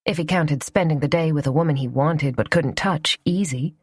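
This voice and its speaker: A woman narrating a romance audiobook in a soft, even storytelling voice. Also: low-pitched, moderate pace, breathy edge, dry recording.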